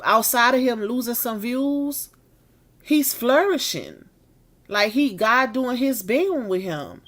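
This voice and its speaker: A woman's voice: on the high side, a bit bright. A woman hosting a live stream, chatting casually with her viewers and saying she is tired and needs a nap. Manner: chatty, drawn-out Southern-style slang with y'all and baby. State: tired and yawning.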